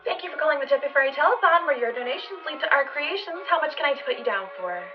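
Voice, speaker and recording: A woman plays a perky telethon phone operator who rattles off loud, brisk sales patter in a bright, high register. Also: lively intonation, recorded from a distance, dull audio, music in the background. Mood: peppy.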